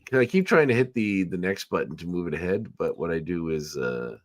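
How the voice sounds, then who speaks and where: A man's voice: low voice, lively intonation, fairly quick. A man hosting a casual podcast chat, rambling and correcting himself with many fillers. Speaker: podcast host.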